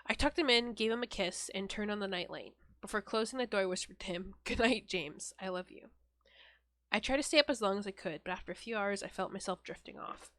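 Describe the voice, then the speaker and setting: A young woman co-hosting a podcast, reading a horror story aloud in a flat, deadpan way, often breaking off to laugh and swear. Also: mid-range voice, fast talker, hardly any pauses, no echo. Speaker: podcast co-host.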